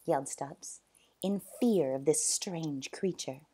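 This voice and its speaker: A woman reading a children's storybook aloud, expressive, with loud sound effects. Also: sits low, slow pace, breathy edge.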